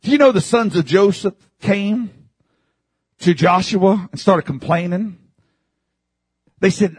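A man preaching a sermon as pastor, swinging from shouted passages to hushed, low delivery. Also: lively intonation, moderate pace, slightly rough, no echo, studio quality.

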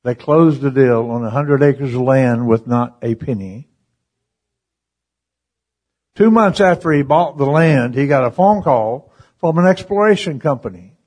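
A man preaching a sermon through a story, animated and chuckling between lines as he acts out the voices. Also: medium pitch, a little slow.

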